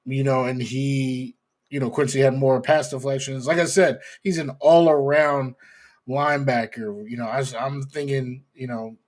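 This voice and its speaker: A young man hosting a sports podcast, talking casually in a relaxed way with lots of "you know" and "um". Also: mid-range voice, moderate pace. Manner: relaxed, hedging with many fillers. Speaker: podcast host.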